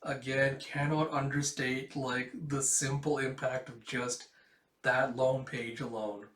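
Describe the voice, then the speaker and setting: Guy reading and reacting to a comic, rambly, mid pitch, echoey room. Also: level tone, slow pace, fairly bright tone. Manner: rambling, with restarts and "it's like". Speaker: manga reaction host.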